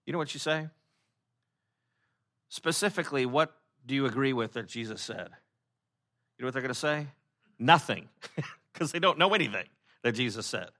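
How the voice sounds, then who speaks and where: A pastor preaching a conversational sermon, with many fillers and restarts, who acts out the people he quotes in lively voices. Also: medium pitch, normal speed, long pauses.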